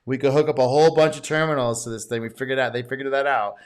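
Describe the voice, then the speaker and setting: A man's voice: medium pitch, steady tone, fast talker, clean tone. A man hosting a programming course, chatting casually and laughing as he comments on archive interview clips. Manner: chatty, laughing asides, self-correcting.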